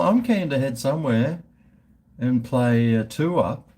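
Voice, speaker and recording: A man with an Australian accent, a food reviewer and livestreamer, chats casually on stream and answers viewer comments in a rambling, easygoing manner, laughing and trailing off into restarts. His medium-pitched voice swings widely in pitch, is a little mellow, and moves at a normal speed.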